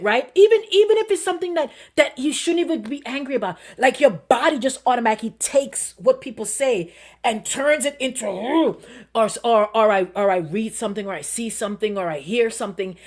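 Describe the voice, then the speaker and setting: A middle-aged woman pastor with a somewhat high voice preaches in a relaxed, conversational style. She repeats her phrases, keeps asking the listeners questions, and sinks to a soft murmur whenever she quotes what she tells herself. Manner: drops to a soft murmur when quoting her self-talk. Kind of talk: sermon.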